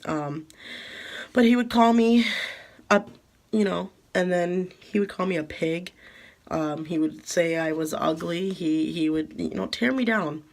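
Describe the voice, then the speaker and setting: Young woman with a gravelly, halting voice. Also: on the low side. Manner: halting, many fillers like "um" and "like". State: emotional, holding back tears. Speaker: vlogger. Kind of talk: storytime vlog.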